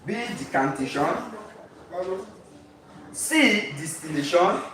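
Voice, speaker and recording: A man runs an exam-prep chemistry lesson, pausing again and again on a questioning "what?" so learners supply the answer. His voice sits high for a man and is caught from some distance from the mic. A heavy echo fills the room, with a faint background hiss. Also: sing-song, sharp tone. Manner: drills students with repeated call-and-response questions. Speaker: chemistry tutor. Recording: very echoey room, voice far from mic, faint noise.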